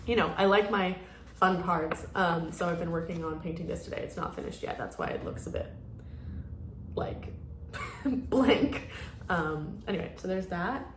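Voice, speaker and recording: A woman's voice: fairly low pitch, lively intonation, unhurried, long pauses, echoey room, noisy background. A woman around thirty chatting casually in a rambling vlog, full of "like" fillers. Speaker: vlogger. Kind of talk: casual chat.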